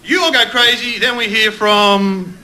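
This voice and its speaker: A man's voice: sits high, a little slow, background noise. A man with an Australian accent doing rambling, self-mocking stand-up comedy and crowd work on a TV studio stage. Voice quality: rambling, chatty, self-mocking, laughing at his own lines. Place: TV studio stage with live audience.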